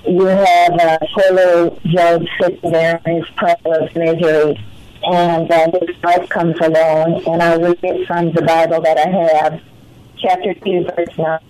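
A woman's voice: lowish voice, level tone, unhurried, darkish tone, low-quality recording. A woman phoning in to a radio show, talking in a chatty, rambling way from her porch in the rain. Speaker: caller. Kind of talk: phone-in call to a radio show. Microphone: phone.

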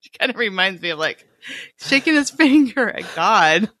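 A woman's voice: mid-range voice, very animated, normal speed, pushed and bright, no echo. A chatty woman co-hosting a Bible podcast, recorded close and dry. Her voice sits in an ordinary middle range, and she laughs easily between passages she reads aloud. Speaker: podcast co-host. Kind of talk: casual Bible reading chat.

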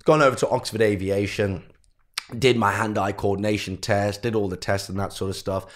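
Young man, low voice, podcast guest, animated storytelling, acts out quotes. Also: brisk. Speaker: guest entrepreneur.

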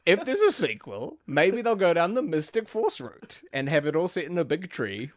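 A man's voice: fairly high pitch, huge pitch swings, normal speed, no echo. A man in his thirties co-hosting a casual chat, making jokes in easygoing banter. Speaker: podcast co-host.

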